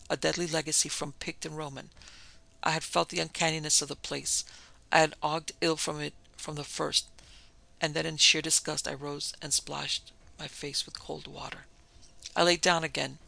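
A man narrates a gothic tale in a measured, somber voice. His tone is deeply gravelly and sharp, pitched a little high. He keeps an even, flat delivery throughout. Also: rough recording. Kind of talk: audiobook narration of a gothic story.

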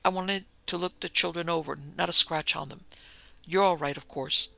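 A man's voice: on the high side, fairly even intonation, normal speed, creaky, sharp tone, dry recording, full character voice. A man reading the part of a brusque, domineering wealthy husband who talks in curt commands.

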